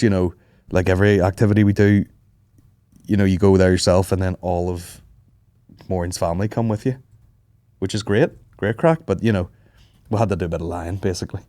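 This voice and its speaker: A man with a low voice chats on a podcast, swearing freely and acting out the people in his stories. The sound is close and dry, with no room around it. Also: a little fast, pauses often, no echo. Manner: swearing, animated storytelling with mimicked voices. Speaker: podcast host. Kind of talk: casual chat.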